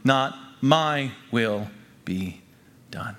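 A man preaching a sermon to his congregation as pastor. He talks emphatically, repeats key phrases and swings from hushed lines to loud ones. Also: mid-range voice, expressive, extremely slow, slight background noise. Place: church gathering before a congregation.

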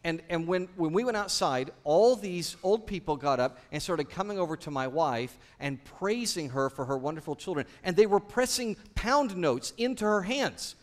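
A man's voice: high voice, lively intonation, normal speed, few pauses. A man preaching a sermon in a church, asking his congregation one question after another. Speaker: pastor.

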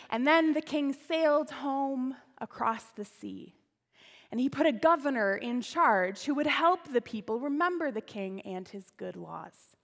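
Woman pastor, expressive storyteller; higher, gravelly voice in a reverberant sanctuary. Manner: expressive storyteller, varied volume. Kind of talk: storytelling sermon. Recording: long church reverb.

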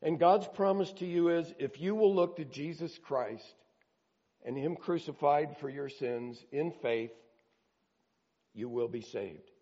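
A man's voice: on the high side, unhurried, mellow, in a large hall, lo-fi sound. A man preaching a sermon as a pastor, earnest and emphatic, his intensity rising and falling.

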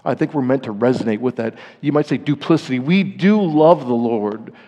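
In a muffled recording, a male pastor gives an expressive sermon at normal speed, his mid-pitched voice falling to grave, hushed lows and rising to forceful peaks. A long reverb suggests a large church sanctuary.

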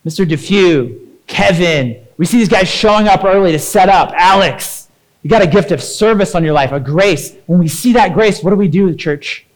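A man in his thirties preaching a sermon in an energetic, conversational way, often checking in with "right?". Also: high voice, moderate pace, poor audio. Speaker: pastor.

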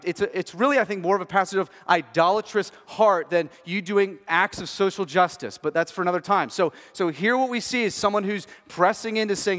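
A man's voice: fairly high pitch, a little fast, fairly bright tone. A man preaching a sermon in a casual, conversational way, often restarting phrases and checking in with "right?". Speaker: pastor. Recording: long hall reverb.

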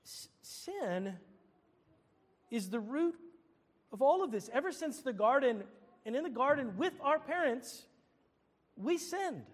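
A man's voice: very high voice, very animated, takes it slowly, long pauses, in a large hall. A man preaching a sermon as pastor, earnest, often repeating and restarting his phrases.

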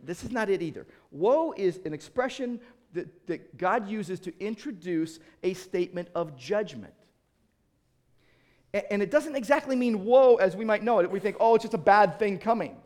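A middle-aged male pastor preaching an animated sermon, acting out quoted voices and often restarting his sentences. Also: sits high, normal speed.

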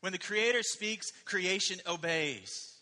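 A male pastor preaches with animated emphasis and keeps turning to his listeners with questions. His voice is slightly high and very bright, almost piercing. A long reverb from a large church sanctuary trails each phrase. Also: slow. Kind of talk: sermon.

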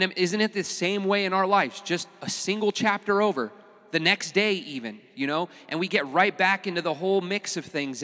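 A pastor preaching a sermon in a casual, animated way, with touches of humor. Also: male voice, sits high, big-room sound.

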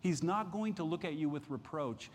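A male pastor delivers a sermon in an earnest, deliberate preaching manner, stretching out the words he wants to land. His voice sits a little on the high side for a man, and a long reverb trails after each phrase, as in a church hall. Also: expressive, noisy background. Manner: earnest preaching, slows down to stress key words. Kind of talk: midweek sermon with scripture reading.

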